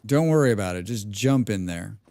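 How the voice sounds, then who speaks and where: A man's voice: on the low side, animated, a little fast, warm tone, no echo. A man live-streaming a survival game, chatting casually with his viewers and repeating his own phrases. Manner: chatty, talks to himself and chat, repeats phrases.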